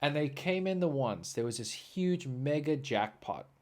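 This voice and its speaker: A young man hosting a podcast, telling stories in an animated, swearing, ranting way. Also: medium pitch, unhurried. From South Africa. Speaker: podcast host. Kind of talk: storytelling monologue.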